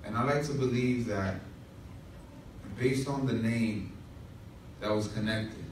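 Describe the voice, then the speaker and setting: A man's voice: medium pitch, slow, a little mellow, slight background noise. A man pastor telling a humorous story in a sermon, with asides to the congregation. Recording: echoey room from far off.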